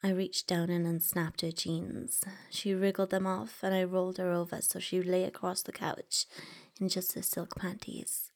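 Slow, whispering woman with a gravelly edge. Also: fairly low pitch. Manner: soft, intimate, mostly whispered delivery. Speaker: storyteller. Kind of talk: whispered story narration.

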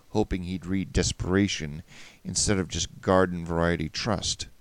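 A man narrating a first-person story in a wry, measured way. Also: low-pitched, gravelly, no room sound.

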